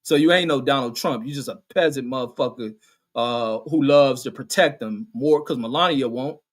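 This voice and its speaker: A middle-aged man ranting on a live stream, cursing heavily and using street slang. He reads viewer comments aloud and fires back at them, combative and unfiltered. His voice sits at an ordinary middle pitch. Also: normal speed. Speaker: show host reading chat comments. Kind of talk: profane live-stream rant.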